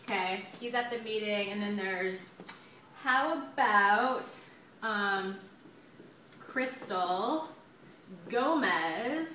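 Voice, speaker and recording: A woman teaches a grammar lesson in a chatty, upbeat way, drawing out words as she writes them on the board. Her voice is bright and clear. The sound is echoey and picked up from a little way off the mic. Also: mid-range voice, expressive, very slow, pauses often, distant mic, a little hiss or hum. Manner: chatty, upbeat, stretches out words while writing. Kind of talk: classroom lesson at a whiteboard. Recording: echoey room, voice a bit off-mic.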